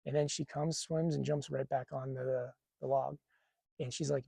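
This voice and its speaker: A man's voice: medium pitch, fairly even intonation, normal speed, vocal fry, mellow, slightly rough, no room sound. A man telling a personal spiritual story in a casual, rambling way, with many fillers and restarts. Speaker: spiritual channeler.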